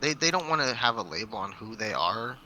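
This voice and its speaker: A man's voice: fairly low pitch, sing-song, a little fast, bright, forceful tone, a little hiss or hum. A man co-hosting a podcast, chatting casually and telling rambling stories. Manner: rambling, laid-back storyteller. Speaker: podcast co-host. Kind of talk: casual chat.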